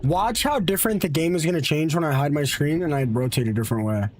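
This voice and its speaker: Guy streaming a game, kinda high voice, offhand teasing chatter, faint noise behind. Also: fast talker. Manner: offhand, chatty, teasing remarks to chat and teammates. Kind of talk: casual gaming stream chat.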